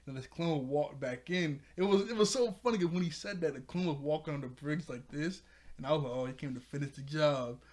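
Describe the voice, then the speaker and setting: A man with a somewhat high voice talks loosely and unscripted, recapping a cartoon episode. He restarts his sentences and breaks into laughter often. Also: fairly quick, darkish tone. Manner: rambling, laughs often, repeats himself. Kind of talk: casual recap and commentary.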